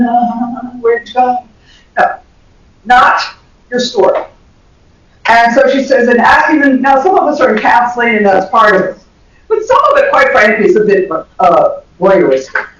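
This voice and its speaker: An older woman from the American South with a Southern accent, giving an animated lecture to health workers and laughing often. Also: on the high side. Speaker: communication professor giving a lecture. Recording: echoey dull recording from far off.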